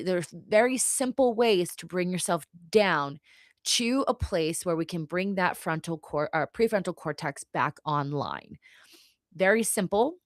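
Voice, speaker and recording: A woman with a slightly low voice teaches on a live stream, keeping it conversational and often checking in with her viewers. The sound is dry and close, with no room echo. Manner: conversational, frequently checks in with "right?" and "okay?". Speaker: podcast host and mindset coach.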